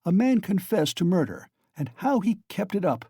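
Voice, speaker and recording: A man's voice: high voice, sing-song, moderate pace, mellow, husky, no echo, clean studio sound, voice pushed up, heavily acted. A man reading aloud and voicing a sly, genial male magistrate who coaxes and teases with mock friendliness. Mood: coaxing. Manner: coaxing, insinuating, mock-friendly.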